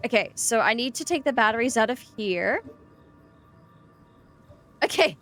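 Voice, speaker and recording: Australian woman, young, bright tone, slightly high voice, excitable streaming chatter. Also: measured pace, soft background music. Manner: chatty, excitable, greets chat. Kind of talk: casual gameplay stream chat.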